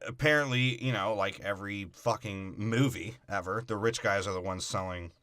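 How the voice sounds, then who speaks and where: A man's voice: fairly low pitch, normal speed, bright, forceful tone, no room sound. A man co-hosting a podcast, tearing apart a movie in crude, profane comedic banter and slipping into mocking voices. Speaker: podcast co-host.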